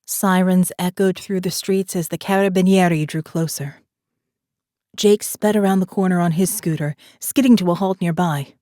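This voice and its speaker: In clean studio audio free of room sound, an audiobook narrator reads a thriller from a script. She has a low voice and tells the story steadily and measuredly.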